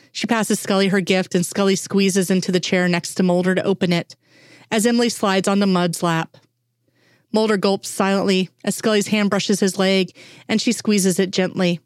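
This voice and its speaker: A woman reading fan fiction aloud in a steady, unhurried way. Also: medium pitch, no echo, studio quality. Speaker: reader.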